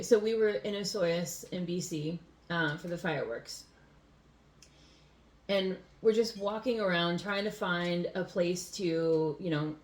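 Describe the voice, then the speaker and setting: A woman from the USA co-hosting a casual home podcast, rambling with lots of fillers and laughing easily. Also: on the low side. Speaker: podcast co-host. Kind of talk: casual chat. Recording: roomy home recording.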